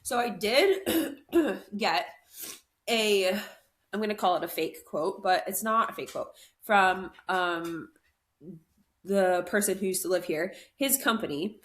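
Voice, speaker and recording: Animated young woman telling a story. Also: mid-range voice, slow. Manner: animated storyteller, acts out quoted voices. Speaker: podcast co-host. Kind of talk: casual storytelling chat.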